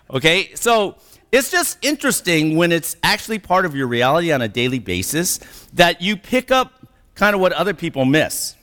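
High, bright-voiced middle-aged man presenting. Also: big pitch swings, normal speed. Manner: conversational, often checks in with "okay?" and "right?"; laughs while telling stories. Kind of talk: anecdotal lecture-style talk. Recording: reverberant hall sound.

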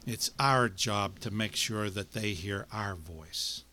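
A man's voice: fairly low pitch, slow, pushed and bright. Man preaching with rhythmic repetition. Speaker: pastor. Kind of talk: sermon.

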